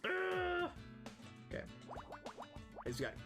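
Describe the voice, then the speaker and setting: A woman streamer giving casual game commentary, giggling and reacting excitably. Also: extremely high pitch, drawn-out words, music in the background.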